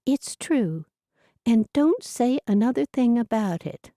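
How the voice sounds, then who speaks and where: A woman's voice: a little high, expressive, takes it slowly, mellow, no room sound, clean studio sound, voice pushed up. A woman voicing an elderly Amish widow, talking in an earnest, plaintive way. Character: elderly Amish widow, flustered but stubborn.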